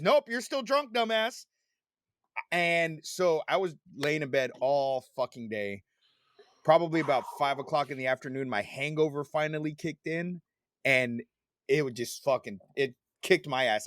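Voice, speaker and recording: A man's voice: medium pitch, normal speed, dry recording, studio quality. Forty-year-old man telling profane stories. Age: 40s. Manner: profane, animated storytelling. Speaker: podcast host. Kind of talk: casual chat.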